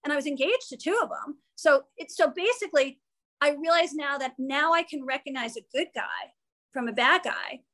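A woman's voice: high voice, normal speed. A woman being interviewed as a guest, talking candidly and with animation, acting out what people said and swearing freely. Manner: animated, acts out quoted dialogue, swears freely.

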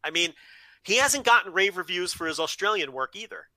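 A man's voice: high voice, expressive, brisk, sharp tone, no echo. A man co-hosting a casual podcast chat, laying out his case point by point. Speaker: podcast co-host.

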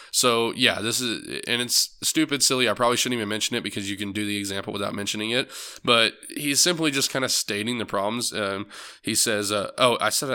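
Profane, rambling man with a bright voice. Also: fairly low pitch, clear, resonant tone. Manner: rambling, profane, self-deprecating. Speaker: podcast host. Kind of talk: casual book club commentary.

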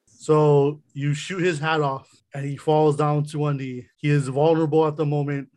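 A man's voice: on the high side, flat delivery, normal speed, a little mellow. A man running a tabletop role-playing game as game master, laughing often and restarting his lines.

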